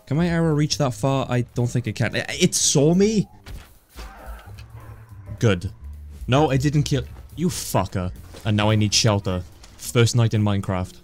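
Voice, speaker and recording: A man casually commentating his own gameplay, joking around and swearing often in excited reactions. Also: medium pitch, a little slow, long pauses, soft background music. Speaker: gaming YouTuber. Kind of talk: casual let's play commentary.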